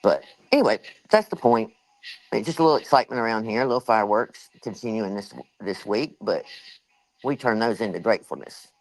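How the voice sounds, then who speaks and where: A woman's voice: very deep voice, expressive, a little fast, no echo, low-quality recording. Older woman hosting a livestream, chatty and rambling, bit breathless, dry close sound. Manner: rambling, chatty, lots of fillers. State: a little out of breath. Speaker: livestream host. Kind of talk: casual storytelling to a live chat.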